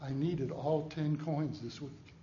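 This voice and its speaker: A man's voice: fairly high pitch, slow pace, warm tone, highs cut off, slight background noise, pitched below the performer's own voice. A man, a preacher, voicing a village woman who pleads with her friends in a sermon story. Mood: eager. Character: anxious woman, joyful after finding her coin.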